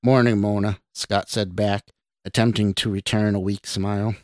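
A man, a podcast host, reading his own short story aloud in an even, measured way. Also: fairly low pitch, dry recording.

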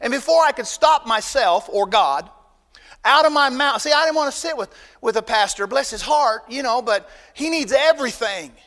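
A man preaching a sermon as pastor, folksy and emphatic, swinging between loud bursts and quiet asides. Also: very high-pitched, lively intonation, normal speed, in a large hall.

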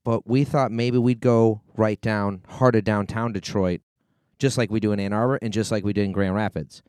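A man's voice: on the low side, fairly even intonation, normal speed, darkish tone, clear, resonant tone, no room sound, studio quality. A man co-hosting a casual podcast, telling rambling stories with animation. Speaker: podcast co-host.

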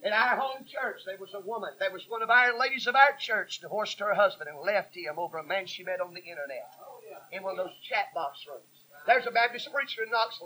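Preacher guy, folksy and emphatic, real bright high voice with a husky edge. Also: brisk, poor audio. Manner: folksy, emphatic, drops to a low hush at points. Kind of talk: sermon storytelling.

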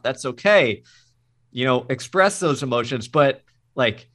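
A middle-aged man with coaching experience talks in a casual podcast chat, using a mid-range voice with lively intonation at a slightly slow pace. He is earnest and emphatic, mixing acted-out quotes into what he says.

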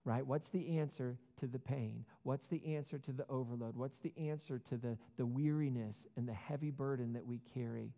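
Preaching with few pauses at a moderate pace, this pastor has a medium-pitched voice touched by vocal fry. He stays earnest and conversational, with casual asides and rhetorical questions, in a muffled recording with long hall reverb.

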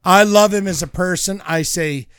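A man's voice: sits high, moderate pace, a bit bright, smooth, no echo, studio quality. A man co-hosting a podcast in casual chat, joking crudely and rambling as he runs a movie trivia quiz.

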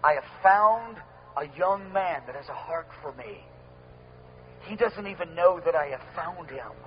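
A man voicing God as a gentle, tender speaker who confides quietly, with a low, soft delivery. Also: a little fast, lightly acted. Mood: tender, hushed. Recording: dull lo-fi with faint hum.

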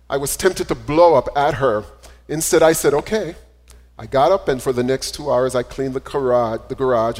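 A male preacher giving a sermon, reading a story aloud and then preaching with gentle repetition. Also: a little high. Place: church sanctuary. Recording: echoey hall reverb.

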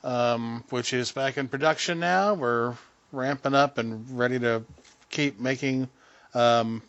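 Male writer in casual chat, relaxed and filler-heavy, dull lo-fi sound. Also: mid-range voice, takes it slowly, no echo. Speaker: podcast guest, writer.

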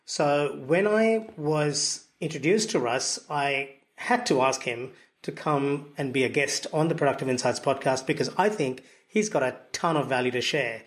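A man with a mixed Australian and Indian accent, hosting a podcast in an upbeat, jokey, chatty way. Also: fairly high pitch. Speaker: podcast host. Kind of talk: casual interview chat.

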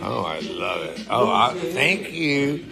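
A man's voice: lowish voice, sing-song, takes it slowly, vocal fry, a loud crowd. A man rambling and slurring through a personalized video greeting filmed on a phone. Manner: slurred, meandering, drifting off mid-thought. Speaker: celebrity recording a paid video greeting.

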